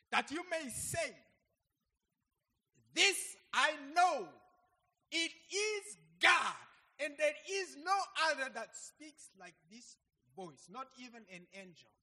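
High, bright preacher man in an echoing hall. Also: sing-song, slow. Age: 50s. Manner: emphatic, with dramatic swings between loud and soft. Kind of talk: sermon. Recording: long hall reverb.

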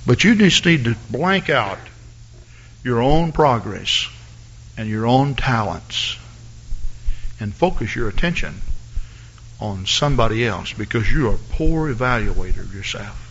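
A man preaches a sermon, reading scripture slowly before climbing into fervent, shouted calls to his listeners. His voice has a bright edge. The recording sounds dull and lo-fi, like an old church tape. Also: expressive, slightly rough. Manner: builds from a low, measured reading of scripture to loud shouted exhortation.

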